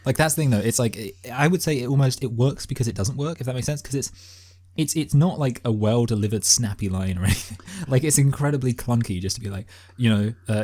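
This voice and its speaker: A man's voice: medium pitch, quick pace, darkish tone, no echo. A man co-hosting a film review podcast, thinking aloud in casual chat and using words like bloody and mate. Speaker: podcast co-host.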